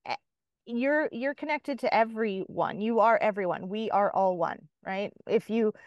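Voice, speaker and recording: A woman's voice: medium pitch, a little slow, dry recording, dull audio. A woman co-hosting a podcast, talking hesitantly and searching for her words. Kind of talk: reflective podcast conversation.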